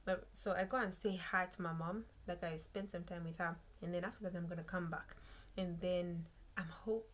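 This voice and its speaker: A woman's voice: lowish voice, fairly even intonation, normal speed. A young woman, telling a personal story in a casual vlog and chatting frankly to her viewers. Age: young adult. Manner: chatty, frank, keeps addressing viewers as "you guys". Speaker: vlogger.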